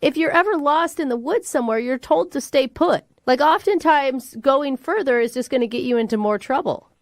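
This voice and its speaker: Woman, morning radio co-host, frank, teasing, high voice, dry booth. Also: animated, moderate pace, no echo.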